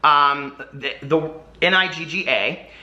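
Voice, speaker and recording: A man with a slightly high, very bright and sharp voice speaks to camera in an apology monologue. He talks in a halting, earnest way and fills his pauses often. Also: dull audio. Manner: halting and earnest, with many fillers. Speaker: vlogger explaining old posts.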